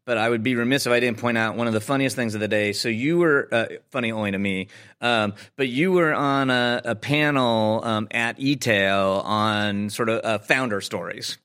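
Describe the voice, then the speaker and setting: A man's voice: medium pitch, moderate pace, fairly bright tone, clear, resonant tone. A man hosting a podcast, asking questions in a joking, rambling way with many fillers. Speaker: podcast host. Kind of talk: conversational podcast interview.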